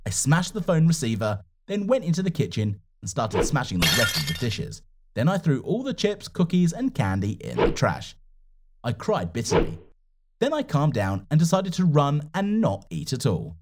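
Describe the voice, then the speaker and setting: A husky male narrator telling a first-person story with sweeping, highly animated pitch swings. His delivery is dramatic and expressive, pitched a bit high for a man. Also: moderate pace.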